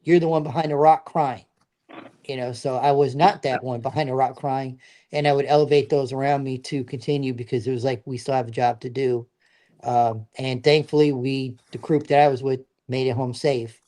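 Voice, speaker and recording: A man's voice: medium pitch, little pitch movement, moderate pace, dark tone. A middle-aged man, a veteran guest, telling his stories in a casual, earnest, plain-spoken way. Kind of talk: casual storytelling.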